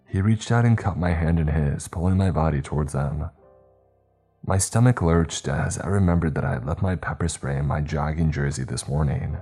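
A man reading a first-person story aloud in a steady, measured way. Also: extremely low pitch, slightly rough, faint music behind. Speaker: narrator.

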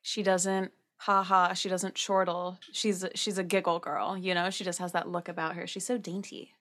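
A woman's voice: lowish voice, little pitch movement, normal speed, fairly bright tone. A woman co-hosting a casual podcast chat, playful and teasing, with eager reactions.

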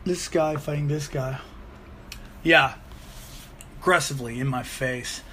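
A man's voice: on the high side, a little slow, slight background noise. A man hosting a show, telling crude, rambling comic stories with lots of swearing. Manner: profane, rambling, animated storyteller. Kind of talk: comedic rambling monologue.

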